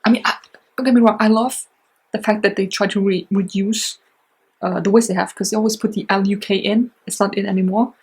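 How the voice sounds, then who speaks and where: A woman talks through a beauty box in a loose, chatty vlog style, gushing and filling gaps with little asides. Her voice is very husky and breathy, sitting at an ordinary middle pitch. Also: brisk, poor audio. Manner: chatty, excitable, lots of fillers. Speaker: beauty vlogger. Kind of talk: casual unboxing chat.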